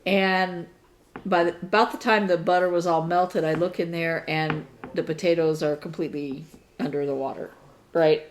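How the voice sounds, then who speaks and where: Middle-aged woman, low voice, casual chat, rambling, hesitant. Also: steady tone, moderate pace, a little hiss or hum, low-quality recording. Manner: rambling, hesitant, with fillers and laughs. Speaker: crafting podcast co-host.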